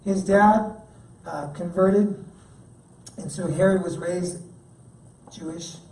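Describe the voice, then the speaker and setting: A man's voice: high voice, fairly even intonation, slow pace, dark tone, a little hiss or hum. A man giving a sermon as guest speaker at a church, talking in a casual, joking way. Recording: echoey room, mic at a distance.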